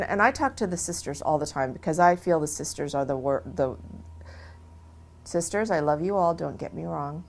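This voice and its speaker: A woman's voice: on the low side, a little mellow. Earnest woman telling her story. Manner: earnest, emphatic, repeats herself for stress. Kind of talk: casual interview talk.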